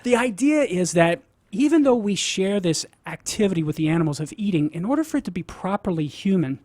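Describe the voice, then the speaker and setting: A Cajun-accented man appears as a guest apologist on the radio, explaining ideas step by step like a teacher and checking in often with "right?" His high, darkish voice is animated and a little fast, with no room sound.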